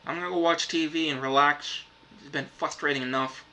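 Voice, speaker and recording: Frustrated man, bright and cutting tone, nonstop swearing, vlog rant. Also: on the high side, steady tone, fairly quick, poor audio. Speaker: reviewer. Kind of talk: profane ranting review.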